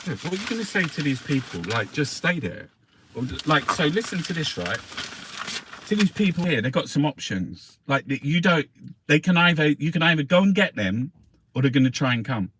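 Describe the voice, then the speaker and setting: A man with a slightly high, sing-song voice talks at normal speed while casually reviewing newspapers on a livestream. He swears frequently and keeps up jokey asides with his viewers. Faint background noise is audible.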